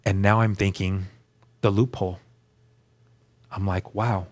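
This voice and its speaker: A man telling his story as a guest, earnest and animated, acting out the dialogue he quotes. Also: low-pitched, unhurried. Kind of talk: storytelling testimony.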